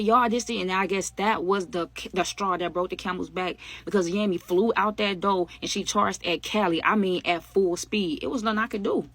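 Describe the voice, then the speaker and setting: A woman telling a storytime vlog in a casual, animated, slangy way, speaking straight to her viewers. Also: mid-range voice, fast talker, hardly any pauses, no echo. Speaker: storytime vlogger.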